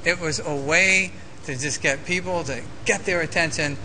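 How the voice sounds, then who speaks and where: A man preaching a sermon as pastor, animated and conversational, with frequent "okay?" asides. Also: fairly high pitch, moderate pace, slight background noise, poor audio.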